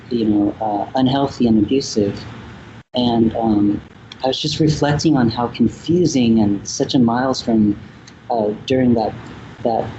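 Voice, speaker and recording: A man from Vietnam, a musician guest on an interview show, talking in a reflective way with many ums and pauses. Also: medium pitch, warm tone, muffled recording, a little hiss or hum. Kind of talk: casual interview talk.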